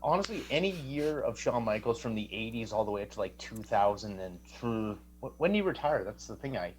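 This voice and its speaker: A man's voice: on the low side, expressive, fairly quick, a little hiss or hum, low-quality recording. A man guesting on an interview, chatting casually in a joking, rambling way with lots of fillers. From Canada. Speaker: wrestler guest.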